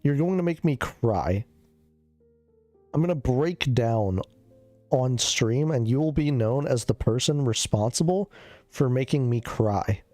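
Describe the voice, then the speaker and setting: A man's voice: mid-range voice, lively intonation, a little slow, dark tone, no echo, soft background music. Sick, loopy man chatting on stream. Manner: loopy, rambling, swears a lot. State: sick, coughing. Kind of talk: casual chat.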